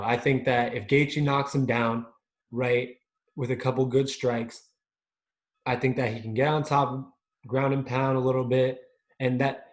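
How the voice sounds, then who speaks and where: A man co-hosting a sports podcast in a casual chat. He keeps checking in with "right?" and hesitates over his words. His voice rings in a roomy, echoey recording. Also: mid-range voice. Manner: chatty, leans on tag questions, hesitant with fillers. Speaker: podcast co-host.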